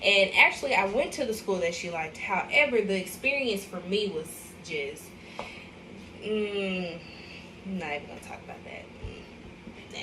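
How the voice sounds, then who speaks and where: A woman's voice: medium pitch, expressive, moderate pace, pauses often, bright, forceful tone, slight background noise. A young woman from Arkansas, chatting in a casual, emotional way to viewers as a mother on a livestream vlog. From Arkansas, USA. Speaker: vlogger, mother. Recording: echoey room, mic at a distance.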